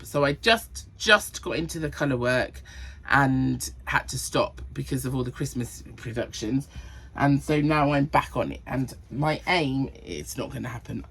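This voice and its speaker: A woman's voice: low voice, fairly bright tone, slight background noise. A woman hosting a knitting podcast, chatting casually about her projects and counting rows and sizes under her breath. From Cornwall. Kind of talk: casual chat.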